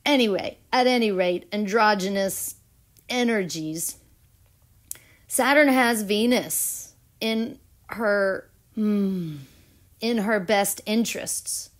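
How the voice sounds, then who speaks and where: Brief: bubbly woman hosting a tarot vlog, unhurried delivery, laughs often. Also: mid-range voice. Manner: giggly, bubbly, dramatic. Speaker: astrology and tarot vlogger. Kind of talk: casual tarot reading chat.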